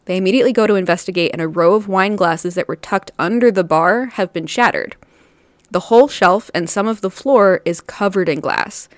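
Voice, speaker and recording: A woman's voice: medium pitch, a little fast, no room sound, studio quality. A woman co-hosting a podcast, casually retelling a story and laughing often as she goes. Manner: laughs often while recounting. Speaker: podcast co-host.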